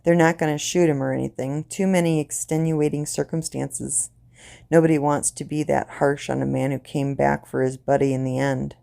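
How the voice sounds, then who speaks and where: A woman voicing a calm, matter-of-fact male army sergeant who talks plainly. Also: very deep voice, moderate pace, creaky.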